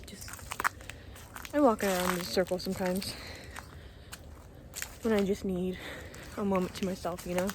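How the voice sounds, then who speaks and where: Young woman, casual outdoor vlog, soft and emotional, slightly breathless, faint outdoor hiss. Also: lowish voice, steady tone, moderate pace, long pauses. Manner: soft-spoken, emotional, laughs often. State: breathing a little hard from cold. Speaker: vlogger. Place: outdoors by a pond at dusk.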